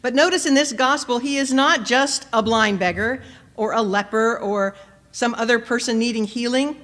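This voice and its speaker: A woman preacher delivering a sermon, measured and questioning, rising to emphatic peaks and dropping soft. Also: fairly high pitch. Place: church. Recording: long church reverb.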